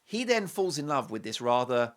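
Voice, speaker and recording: A man's voice: medium pitch, normal speed. A man with an English accent, hosting a commentary show and telling a story with playful asides. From England. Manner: animated and playful, with mocking asides and quoted voices. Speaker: show host.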